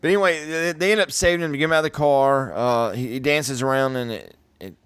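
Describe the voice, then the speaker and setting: A man's voice: mid-range voice, quick pace, fairly bright tone, clear, resonant tone, no echo. A man co-hosting a podcast, chatting about a film in a rambling, conversational way with many restarts. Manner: rambling, repeats words, conversational. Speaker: podcast co-host. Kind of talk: casual movie review chat.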